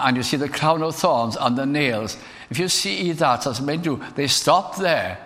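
A man's voice: medium pitch, a bit bright. A man preaching a sermon in an earnest way that rises to emphatic declamation. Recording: long hall reverb.

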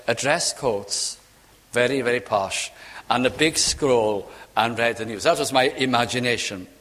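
An older Welsh preacher delivers his sermon with fervour, his fairly high voice ringing out and then falling to a hush. The sound carries a long reverb, as if from a large church hall. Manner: fervent, swings between loud ringing lines and hushed asides.

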